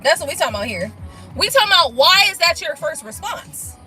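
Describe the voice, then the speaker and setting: A woman chats through viewer comments on a casual live stream, blunt and profane, laughing things off. Her voice sits high and bright. Soft music plays faintly underneath. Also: sing-song, fairly quick, poor audio. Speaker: tarot reader on a live stream.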